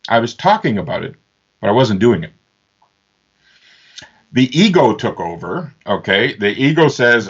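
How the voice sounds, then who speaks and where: A man from Northern Ontario, Canada, tells stories in an animated way, jumping into lively voices for the people in them. His voice sits at an ordinary pitch, and the recording is a little dull and lo-fi. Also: moderate pace, slightly rough. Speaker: interview guest, author and speaker. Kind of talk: animated storytelling. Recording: slightly dull lo-fi sound.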